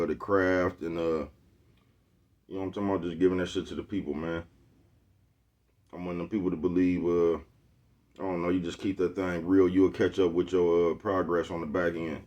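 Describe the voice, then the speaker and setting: A man's voice: sits low, level tone, fast talker, a little mellow, lo-fi sound. A man from Oakland, talking casually to his phone camera, rambling in slang and asking "you know what I'm talking about" again and again. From Oakland, California. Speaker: vlogger. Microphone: phone with Bluetooth earpiece.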